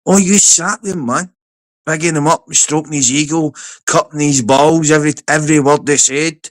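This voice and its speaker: A Scottish man hosting a livestream, talking in a sweary, animated way as he tells stories. His voice sits a little higher than most men's. The talk is loose, casual stream chat. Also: normal speed, no echo. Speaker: livestream host.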